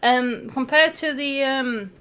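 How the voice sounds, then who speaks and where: A woman's voice: high voice, slow pace, a bit bright, clean tone. A woman, chatting casually on a stream, rambling and giggly, with some swearing.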